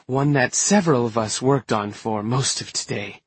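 A man voicing a kind, weary older woman who leads a witches' coven, gentle but firm. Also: mid-range voice, normal speed, breathy edge, dry recording. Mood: calm, firm.

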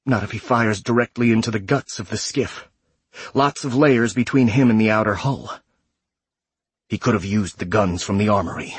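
A man reading a sci-fi horror story aloud in a measured, graphic storytelling manner. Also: on the low side, slightly rough, no echo. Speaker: narrator. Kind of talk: scripted audiobook narration.

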